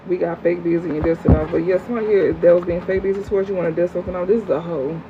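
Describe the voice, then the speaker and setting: A tarot reader doing a livestream reading and answering chat in a blunt, profane, fast, slangy way. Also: medium pitch, fairly even intonation. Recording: phone-like audio with faint hum.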